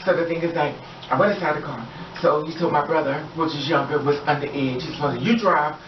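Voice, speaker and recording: A man's voice: fairly high pitch, fairly even intonation, fast. Rambling man telling a storytime. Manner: rambling, circling back and repeating himself. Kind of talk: emotional personal storytime. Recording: echoey, distant, muffled mic with faint hiss.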